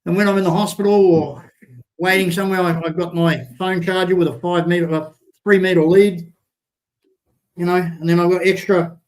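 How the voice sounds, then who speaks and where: A man's voice: sits high, little pitch movement, moderate pace, a little mellow. A man hosting a livestream, short of breath, talking in a rambling, hesitant way that turns heated and profane. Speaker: livestream host. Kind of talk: casual livestream chat.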